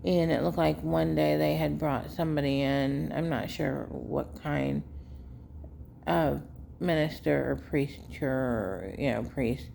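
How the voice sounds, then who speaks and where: A woman telling viewers a rambling family story in a casual, unhurried way with many fillers. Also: low voice, steady tone, vocal fry, warm tone, slight background noise. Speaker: vlogger, caregiver daughter.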